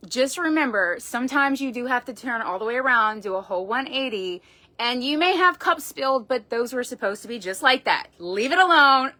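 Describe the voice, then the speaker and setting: Here the tarot reader sounds fairly high and sharp. She's doing a reading live over her phone, casually cursing and talking in a down-home, emphatic manner.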